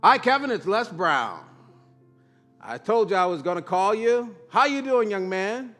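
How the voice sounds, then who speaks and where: A man's voice: sits high, sing-song, a little slow, a bit bright, faint music behind, pitched above the performer's own voice, heavily acted. A man voicing an older male mentor who talks in an emphatic, repetitive cadence. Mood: cheerful. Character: booming older male mentor, upbeat and insistent.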